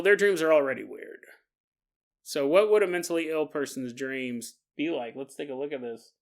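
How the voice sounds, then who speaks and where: A man's voice: a little high, lively intonation, moderate pace. A man hosting a podcast in a casual, joking monologue, laughing often and making asides to listeners. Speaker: podcast host.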